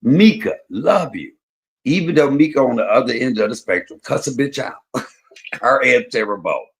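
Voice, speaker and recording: A man hosting a livestream, telling stories in casual chat, swinging between loud and soft. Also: medium pitch, animated, moderate pace. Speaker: livestream host.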